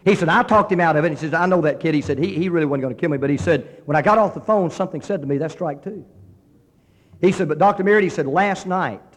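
A man preaching, spinning an animated story and acting out the voices of the people in it. He talks fast, with a voice a touch above the usual pitch, and each phrase rings out in a big reverberant hall. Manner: animated storyteller acting out quoted dialogue, with frequent restarts. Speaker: pastor. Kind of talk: sermon storytelling.

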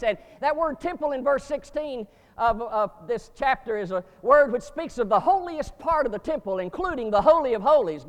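A man preaching a sermon to seminary students, emphatic, with sudden rising bursts and slow stressed words. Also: very high voice, big-room sound.

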